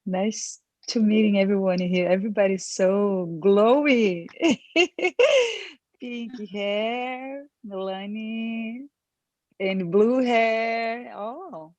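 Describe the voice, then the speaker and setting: A tired woman who teaches yoga and dance, talking slowly and effusively as a guest on a video call panel. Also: mid-range voice, steady tone, darkish tone, no room sound.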